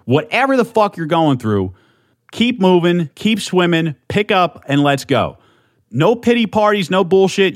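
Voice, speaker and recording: The recording is studio quality with no room sound, carrying a young man's voice on the high side. Hosting his own podcast at a desk mic, he talks in an amped, rambling way, full of swearing and restarts.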